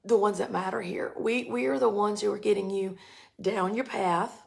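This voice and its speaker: A woman's voice: medium pitch, steady tone, moderate pace, gravelly. A woman in her forties voicing God as a laid-back, encouraging buddy who talks in casual slang.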